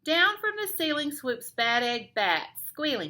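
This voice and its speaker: A woman teacher reads a picture book aloud, her voice bright and high with a very lively rise and fall. She takes her time, drawing out each line slowly for young listeners. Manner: expressive storytime narration. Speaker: elementary school teacher.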